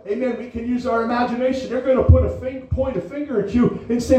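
A man's voice: very high voice, warm tone, lo-fi sound. A man preaching a sermon as pastor, often stopping to say "uh, amen" between his points. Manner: preachy, drawn-out phrasing with frequent "uh, amen". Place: church sanctuary. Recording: echoey church room from far off.

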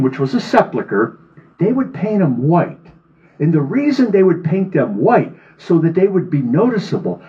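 A man's voice: sits high, dull audio. A man preaching a sermon, reading scripture aloud with rising fervor and then speaking plainly to his congregation. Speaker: pastor.

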